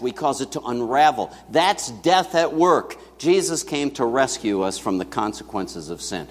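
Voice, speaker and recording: A man preaching a sermon to his congregation in a conversational style, with asides to the people in the room. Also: medium pitch. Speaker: pastor. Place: church sanctuary. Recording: long church reverb.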